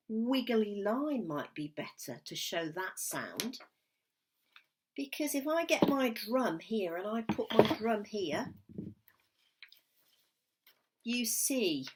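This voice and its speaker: Slow, lively-voiced woman teaching music. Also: mid-range voice, slight background noise. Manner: slow, patient and encouraging, drops to a whisper at times. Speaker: primary school music teacher. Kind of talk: recorded music lesson for young children.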